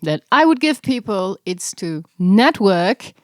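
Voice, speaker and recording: A woman's voice: mid-range voice, big pitch swings, slow, no room sound, studio quality. A young adult woman co-hosting a podcast in casual chat, chatty and laughing often. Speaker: podcast co-host.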